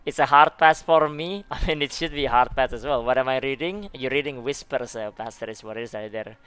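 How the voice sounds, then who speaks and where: A man's voice: mid-range voice, brisk, fairly bright tone, smooth, no echo. A man giving laid-back, chatty commentary on a live stream, often laughing and tossing in "man" and "dude.". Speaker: streamer reacting to game forum posts. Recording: faint music behind the voice.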